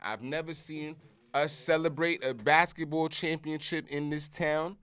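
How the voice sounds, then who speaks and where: A man's voice: a little high, fairly even intonation, measured pace, a bit bright, clear, resonant tone. A middle-aged man from Brooklyn with a New York accent, hosting a podcast in a casual, emphatic monologue and swearing for emphasis. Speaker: podcast host.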